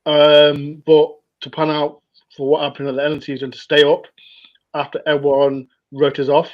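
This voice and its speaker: A man's voice: a little high, monotone, normal speed. A man guesting on a football chat, talking casually and rambling with lots of hesitations. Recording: dull lo-fi call audio.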